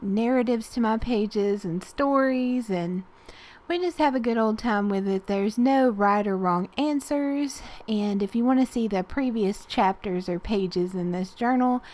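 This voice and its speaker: A Southern woman from Tennessee chatting casually through a voice-over as she makes a collage art journal page, rambling with fillers and soft laughs. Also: fairly high pitch. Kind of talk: casual voice-over narration while crafting.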